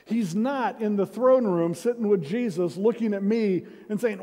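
A man's voice: high-pitched, moderate pace, dark tone. A man preaching a sermon as senior pastor, in a conversational way with self-deprecating humor, recorded in a church sanctuary. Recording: reverberant church hall.

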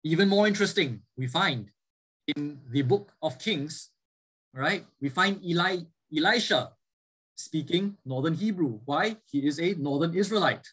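A man's voice: fairly high pitch, lively intonation, measured pace, a bit bright, slightly rough, rough recording. A man lecturing a class, explaining points and often checking in with "right?" as he goes. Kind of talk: classroom lecture with student questions.

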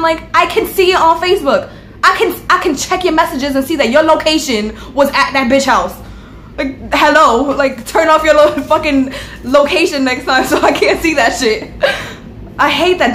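A woman's voice: high voice, a bit bright, a little hiss or hum. A young woman vlogging in casual chat, talking bluntly and swearing freely as she rants. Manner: blunt, profane, ranting.

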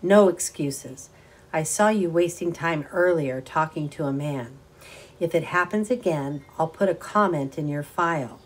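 A petty, sharp-faced store manager, put on by a woman reading aloud, snaps out short, scolding orders. The voice sits low and pushes louder and harder than the narration around it, all storybook sternness. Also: normal speed, hardly any pauses, slightly rough. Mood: stern scolding. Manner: curt, scolding.

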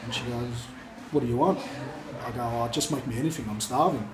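A man's voice: medium pitch, brisk. An Australian man casually telling a personal story and acting out the voices of the people in it. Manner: animated retelling, acts out quoted voices. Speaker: guest telling his conversion story. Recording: echoey room, mic far off, noisy.

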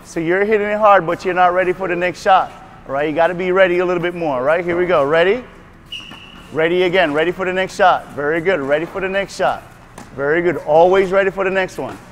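A man coaching a tennis class on court, giving brisk repeated cues and frequent praise. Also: high voice, slight background noise. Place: tennis court at a racquet club.

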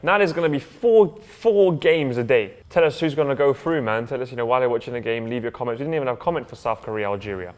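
A man's voice: mid-range voice, fast talker, few pauses, darkish tone, in a large hall. A young man co-hosting a casual chat, bantering and joking as he reads out viewer posts. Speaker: co-host.

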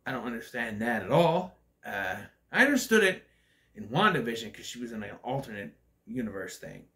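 A man's voice: mid-range voice, very animated, a little fast, pushed and bright. A man giving a casual, opinionated movie review, blunt and ranting, with swearing, loose fillers and restarts.

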